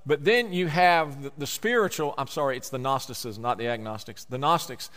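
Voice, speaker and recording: A man's voice: mid-range voice, fairly bright tone. Man preaching with hall reverb. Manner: emphatic preaching, slowing down on key words. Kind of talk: sermon.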